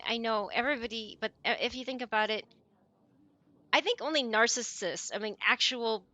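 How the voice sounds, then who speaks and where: A woman's voice: medium pitch, bright, forceful tone, no room sound. A woman streamer in casual voice chat with friends, chatty and apologetic, with a chirpy voice. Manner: chatty, apologetic, quick laughs.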